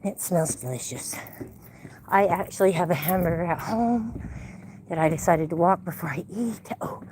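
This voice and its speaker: A woman's voice: fairly low pitch, normal speed, darkish tone, a little hiss or hum. An older woman walking outdoors at sunset, chatting in a rambling way to live-stream viewers through her handheld phone. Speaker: livestream host. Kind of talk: casual live-stream chat. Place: outdoors on an evening walk. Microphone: phone held in hand.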